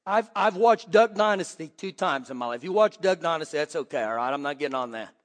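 A man preaching a sermon as pastor, telling lively stories and acting out quoted voices. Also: fairly high pitch, fast talker, long reverb tail. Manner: animated storytelling with quoted voices. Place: church sanctuary.

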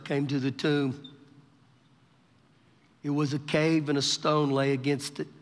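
A man's voice: fairly high pitch, big-room sound. A man preaching a live sermon in a church service, acting out scripture quotes in different voices. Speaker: pastor. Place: church sanctuary during a service.

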